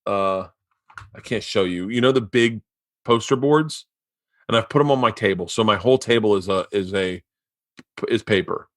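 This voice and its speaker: A man hosting a podcast in casual chat, telling rambling, profane, excitable stories into a studio mic. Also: on the low side, normal speed, pauses often, dry recording. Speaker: podcast host.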